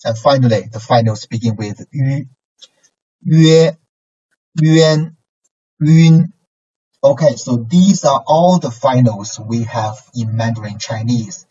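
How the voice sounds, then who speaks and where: A man's voice: medium pitch, moderate pace, few pauses, mellow, slightly rough. A man teaching a language lesson, patiently modeling syllables and tones for repetition and checking in with "okay" and "right". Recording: distant, dull lo-fi sound.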